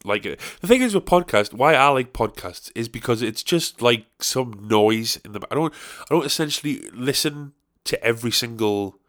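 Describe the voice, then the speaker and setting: A man's voice: mid-range voice, lively intonation, normal speed, few pauses, fairly bright tone. A young man hosting a solo podcast, rambling casually with crude, self-mocking jokes. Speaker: podcast host.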